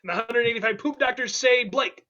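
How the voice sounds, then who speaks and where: Host: high, bright-voiced man running an online improv game, playful, dull lo-fi call audio. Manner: playful, quick, laughing asides.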